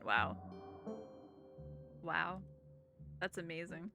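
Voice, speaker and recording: Giggly animated woman streamer. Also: on the high side, unhurried, creaky, long pauses, music in the background. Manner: giggly, animated, reads game text aloud. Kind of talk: casual gaming commentary.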